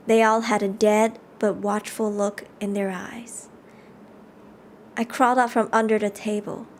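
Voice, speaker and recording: A woman live-streaming a game, reading the story text aloud and chatting with viewers in an animated way. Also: mid-range voice, slight background noise. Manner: animated, chatty, reads narration aloud between chat replies.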